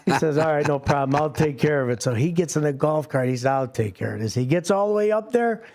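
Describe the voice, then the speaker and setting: A man's voice: a little high, expressive, fast talker, darkish tone. A man co-hosting a morning radio show, chatty and teasing, telling a joke and laughing at it himself. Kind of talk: casual on-air banter and joke telling. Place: radio studio. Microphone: studio microphone.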